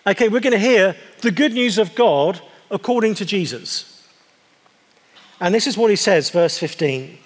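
Guy with a high voice giving a sermon, chatty and dry-humored, big echoey church hall. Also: expressive. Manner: conversational and wry, slowing down for emphasis. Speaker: preacher. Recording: long hall reverb.

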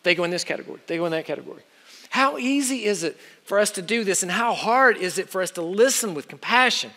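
A man preaching a sermon with urgent exhortation, swinging between loud pushes and quiet asides. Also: sits high, lively intonation, quick pace. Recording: long hall reverb.

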